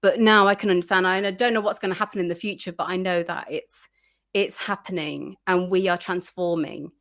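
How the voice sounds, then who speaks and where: A woman's voice: on the low side, fairly even intonation, a little fast, a bit bright. A woman guest chatting casually in an interview, full of fillers and restarts, acting out her own reactions.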